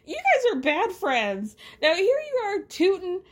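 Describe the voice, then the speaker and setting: A woman hosting a podcast, recapping a TV show in a casual, profane, animated way and laughing often. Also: very high-pitched, a little slow. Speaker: podcast host.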